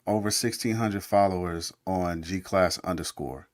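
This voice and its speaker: A man's voice: sits low, moderate pace, no echo, clean studio sound. A man guest in a casual interview, talking in a laid-back, encouraging way.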